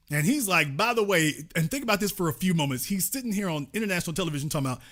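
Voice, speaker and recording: Animated sarcastic male commentator. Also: fairly high pitch. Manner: sarcastic, mocking, profane, swings between fast bursts and slow emphatic phrases. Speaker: political commentary host. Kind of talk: ranting live-stream commentary.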